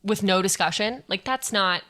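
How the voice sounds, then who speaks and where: A woman's voice: mid-range voice, normal speed, sharp tone. A young adult woman candidly telling a personal story on a podcast, speaking frankly and swearing freely. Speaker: guest sharing her story.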